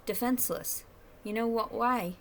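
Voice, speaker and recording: A woman's voice: on the high side, moderate pace, slight background noise. A woman talking to camera at home in a rambling, profane, confessional monologue. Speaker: vlogger. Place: at home, indoors.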